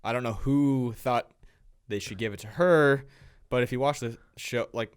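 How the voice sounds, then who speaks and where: A man's voice: mid-range voice, moderate pace, clear, resonant tone, no echo, studio quality. A young man co-hosting a podcast, talking bluntly and offhandedly in casual chat. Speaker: podcast co-host.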